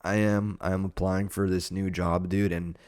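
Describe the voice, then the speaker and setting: A young man with a very low voice talks alone into a podcast mic, rambling and profane, dropping "dude" every few words. The sound is close and dry, with no room around it. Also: little pitch movement, normal speed, a little mellow, clear, resonant tone, no room sound. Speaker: podcast host. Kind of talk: solo casual podcast monologue. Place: indoor podcast setup under lights.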